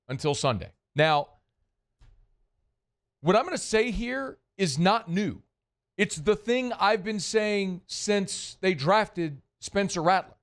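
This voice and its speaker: A man hosting a sports talk show, delivering a blunt, emphatic opinion monologue that hammers points with repetition. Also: sits high. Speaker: sports radio host.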